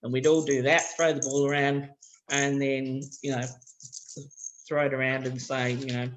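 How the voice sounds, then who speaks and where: Speaking at an ordinary pace in a flat, medium-pitched voice, an Australian man leads a practical workshop for language teachers. His explanations are relaxed and chatty, and he steps through examples as he goes.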